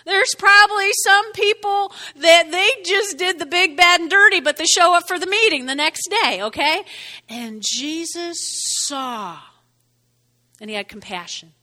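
Woman pastor, high lively voice, chatty sermon delivery, hall echo. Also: unhurried. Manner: conversational, keeps asking "okay?".

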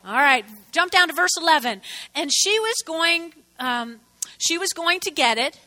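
A woman pastor preaching a lively, playful sermon to her congregation, acting out the Bible figures in quotes. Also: very high voice, normal speed, low-quality recording.

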